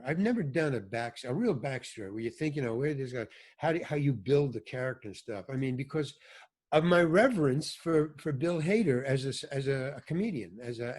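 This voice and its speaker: A man's voice: mid-range voice, darkish tone. An older man, an actor and director, telling loose, rambling stories as a podcast guest and often losing his thread. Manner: rambling, self-interrupting, loses his thread. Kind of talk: casual storytelling interview.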